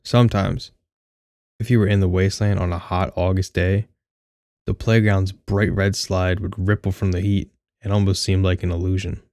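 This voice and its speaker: A young man reads a first-person story with a wry, candid edge and the odd curse. His voice sits low and stays fairly flat, smooth and clear. The sound is dry and close, with no room to it. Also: normal speed, no room sound. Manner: candid, wry, casually profane. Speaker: audiobook narrator.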